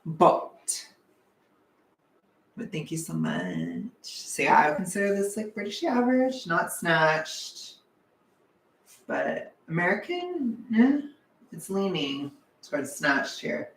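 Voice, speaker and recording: A young man chatting casually on a livestream, animated and chatty, sometimes swearing, laughing often, heard from a distance. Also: fairly high pitch, slow, creaky. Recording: echoey room, away from the mic.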